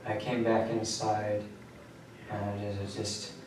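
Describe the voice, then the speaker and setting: A man in a police interrogation room, recounting events flatly and matter-of-factly, his voice often trailing off low. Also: takes it slowly. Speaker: suspect confessing. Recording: echoey room, mic far off, faint noise.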